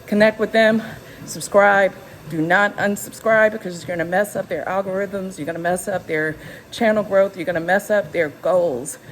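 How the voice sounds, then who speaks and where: Medium in pitch, fairly even in intonation, and moderate in pace, a woman in her fifties vlogs from a gym treadmill for her YouTube channel. Slightly out of breath and unscripted, she encourages emphatically. The recording is rough, with slight background noise.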